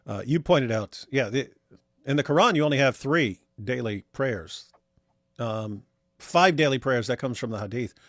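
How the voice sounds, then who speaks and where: A man's voice: medium pitch, animated, moderate pace, a bit bright, dry recording, studio quality. A man co-hosting a casual livestream, reading viewer messages aloud and commenting in a wry, rambling way with many restarts. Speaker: livestream co-host reading super chats.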